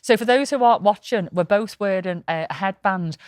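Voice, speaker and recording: A woman's voice: mid-range voice, fairly quick, no room sound, studio quality. Chatty woman podcaster. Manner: swearing, storytelling, lively anecdotes. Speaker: podcast co-host. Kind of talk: casual podcast chat.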